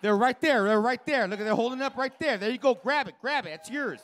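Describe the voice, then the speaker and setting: A man's voice: extremely high pitch, fairly quick, a bit bright. A man doing live stand-up in a comedy club, working the crowd with a brash, profane, teasing manner into a handheld stage mic.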